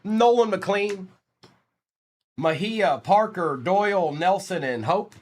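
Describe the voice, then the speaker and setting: A man's voice: high-pitched, expressive, takes it slowly. A man from Virginia hosting a live card break stream, rattling off player names and chatting with viewers between pulls.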